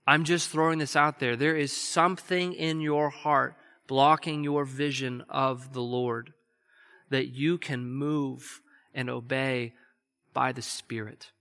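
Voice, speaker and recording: A man preaching a sermon as pastor, earnestly, shifting between quick emphatic bursts and slow, hushed stretches. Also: medium pitch, fairly even intonation, clear, resonant tone. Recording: long hall reverb.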